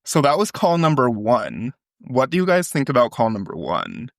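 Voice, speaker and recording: A man's voice: mid-range voice, huge pitch swings, normal speed, gravelly, dry recording, clean studio sound. A man co-hosting a podcast, reading a phone call transcript aloud and acting out the quoted lines. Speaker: podcast co-host.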